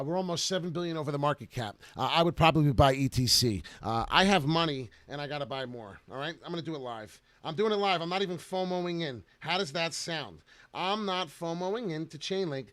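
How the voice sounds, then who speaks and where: A man giving brash, excited live commentary to viewers while trading crypto on charts. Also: on the high side, dry recording.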